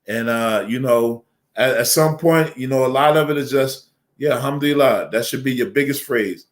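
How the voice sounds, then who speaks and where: A middle-aged man talks casually as an imam on a roundtable panel. He jokes a lot and fills his talk with "you know". His voice sits at an average pitch for a man. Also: moderate pace. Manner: joking, folksy, many fillers.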